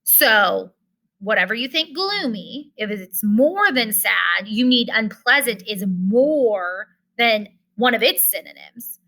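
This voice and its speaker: Woman teacher, bright and a touch high, explains patiently step by step. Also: lively intonation, takes it slowly, low-quality recording. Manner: explains step by step, talks directly to students. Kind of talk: online class lesson.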